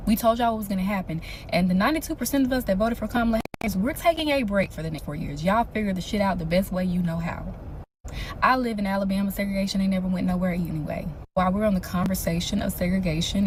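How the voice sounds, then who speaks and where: Fast-talking, blunt woman. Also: medium pitch, a little hiss or hum. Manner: blunt and sarcastic. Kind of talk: casual opinion video.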